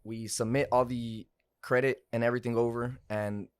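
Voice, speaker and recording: A man's voice: medium pitch, flat delivery, normal speed, clean tone, no room sound, clean studio sound. A young man, a car salesman and podcast guest, telling a story in loose, profane casual chat. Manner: loose, profane, lots of fillers like "like" and "bro".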